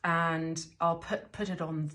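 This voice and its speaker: Low-voiced woman chatting through a gardening demo. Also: little pitch movement, slow, a bit bright. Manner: chatty, rambling, frequent ums and restarts. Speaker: gardener demonstrating seed sowing. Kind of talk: casual how-to chat. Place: indoors, sheltering from a rainstorm.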